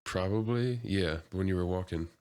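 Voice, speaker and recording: A deep-voiced male podcast co-host chatting casually. He keeps things laid-back and answers with short, blunt quips. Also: moderate pace, darkish tone, clear, resonant tone. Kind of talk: casual chat.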